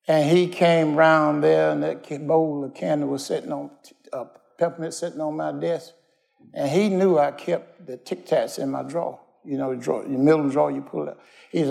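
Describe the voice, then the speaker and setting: A pastor preaches in a folksy, down-to-earth way, slipping into casual slang and pausing to ask the congregation to answer him. His voice sits a little higher than most men's. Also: fairly even intonation, gravelly, a little mellow. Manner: folksy, call-and-response preaching; plainspoken storytelling with everyday slang. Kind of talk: sermon.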